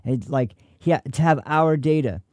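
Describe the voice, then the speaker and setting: An American man doing political commentary on a livestream, cussing and ranting as he reacts to clips. His voice sits a little high, and the recording is dry and close with no room sound. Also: measured pace, darkish tone, no echo. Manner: angry, profane ranting.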